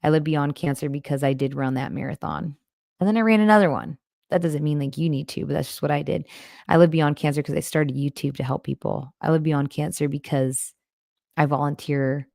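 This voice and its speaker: A woman with a low, gravelly voice hosts a casual livestream and talks straight to her viewers. She is chatty and warm and at times gets emotional. The sound is close and dry, with no room in it. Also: fairly even intonation, moderate pace, dry recording. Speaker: livestream host and cancer coach. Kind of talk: casual livestream chat reading comments. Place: home in Arizona.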